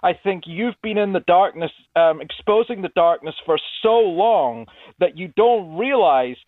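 A man's voice: high-pitched, expressive, a little slow, no room sound. Earnest male caller on a phone line. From Scotland. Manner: earnest, polite.

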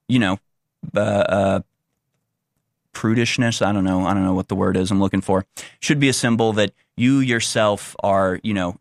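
A young man with a somewhat low voice talks through an unscripted commentary monologue, tripping over restarts and fillers. His tone is sarcastic and mocking toward the views he quotes. The recording is dry, with no room sound. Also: no echo. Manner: rambling with many restarts and fillers. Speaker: political commentator.

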